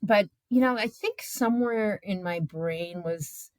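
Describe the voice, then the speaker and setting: A woman in her fifties, a journalist guest, telling her own stories in a candid, animated way with many filler words. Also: medium pitch, unhurried, no room sound. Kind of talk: candid conversational storytelling.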